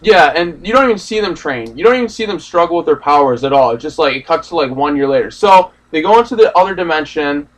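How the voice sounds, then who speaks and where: Young guy ranting about a movie, kinda high voice, sounds a bit far from the mic. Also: lively intonation, fast, hardly any pauses. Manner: ranting, profane, rambling. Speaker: movie reaction host. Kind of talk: casual ranting movie discussion.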